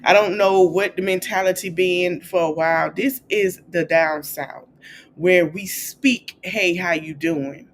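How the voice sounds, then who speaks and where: A woman hosting a podcast, recapping celebrity gossip in a chatty, animated way and acting out quotes in a high, playful voice. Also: unhurried, slight background noise. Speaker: podcast host.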